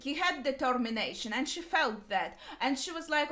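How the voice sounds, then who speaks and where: Chatty woman with a higher voice. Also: very animated, fairly quick, hardly any pauses, a bit bright. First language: not English. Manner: chatty, thinks aloud with many fillers. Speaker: anime reaction host. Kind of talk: casual reaction commentary.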